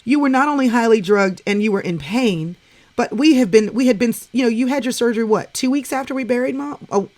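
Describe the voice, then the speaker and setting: A woman's voice: a little high, brisk, a little mellow. A woman hosting a casual live-stream chat, talking to viewers in an encouraging, preacherly way. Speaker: host.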